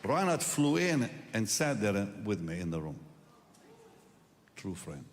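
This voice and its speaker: An older man preaching a personal testimony, telling the story with strong emotion and moving between hushed and loud moments. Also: on the low side, very animated, slow pace, slight background noise. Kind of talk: testimony sermon. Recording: long hall reverb.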